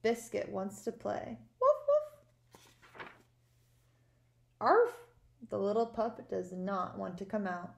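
A woman teacher reading a picture book aloud to her class in a slow, sing-song storytime manner. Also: mid-range voice, steady tone, creaky, darkish tone. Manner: slow, sing-song storytime delivery with playful dog sounds.

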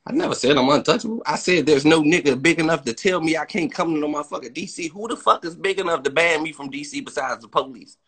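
A man in a heated, profane, boastful rant, swinging between loud outbursts and muttered asides. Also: on the high side, animated, quick pace, few pauses, slightly rough.

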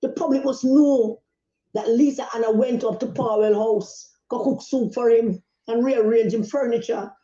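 A woman's voice: fairly high pitch, steady tone, moderate pace, warm tone, echoey room, lo-fi sound. An angry, agitated woman with a Jamaican accent, speaking out in a heated phone voice note. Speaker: politician in a voice note.

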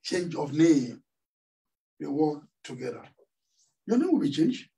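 In a sing-song, fairly high voice that is gravelly and dark, a middle-aged Nigerian man preaches at a measured pace. As the church's pastor, he speaks with a Nigerian accent and uses call-and-response questions, leaving the congregation to finish his sentences. The mic picks him up from somewhat of a distance.

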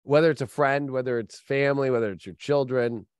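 A man's voice: medium pitch, brisk, clear, resonant tone, no echo, clean studio sound. A man who works as an astrologer, telling stories in a casual podcast chat, rambling with lots of fillers. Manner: rambling, filler-heavy storytelling. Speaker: astrologer guest.

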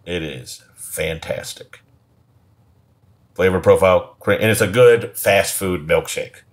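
Deep-voiced rambling comedian. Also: male voice, slow. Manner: rambling, meandering storytelling. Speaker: comedian co-host. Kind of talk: casual podcast banter.

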